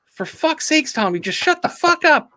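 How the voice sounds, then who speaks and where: Male reviewer voicing a fed-up young monster-hunting woman, high and exasperated. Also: very animated, moderate pace, pushed and bright, exaggerated voice. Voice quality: exasperated, swearing.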